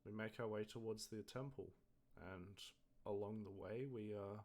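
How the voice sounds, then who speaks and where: A man playing a tabletop game, talking slowly and hesitantly with many fillers. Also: on the low side, steady tone, darkish tone. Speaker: player.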